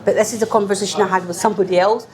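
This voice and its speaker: A Scottish woman hosting a podcast, chatting casually, animated, laughing often and echoing her guest's words. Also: mid-range voice, racing, a crowd in the background. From Scotland. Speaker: podcast host. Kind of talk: casual chat.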